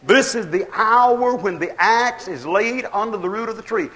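Fervent high-voiced preacher with a twang. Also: male voice, moderate pace, a bit bright. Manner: emphatic preaching with rhetorical questions and quoted voices. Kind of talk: sermon.

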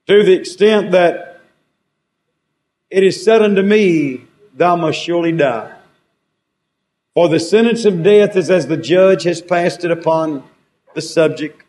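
Preaching man with a fairly high voice. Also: unhurried, long pauses, a little mellow. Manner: preaching with rising and falling emphasis, quoting scripture. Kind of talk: sermon.

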